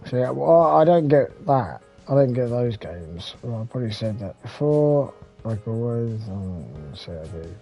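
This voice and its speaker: An English man chats his way through retro games in a loose, unhurried ramble. His voice is dark and mellow with a gravelly edge, and it is full of fillers, restarts and mild swearing. Faint music plays behind him. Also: medium pitch, big pitch swings. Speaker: retro gaming channel host. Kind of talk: casual rambling gaming commentary.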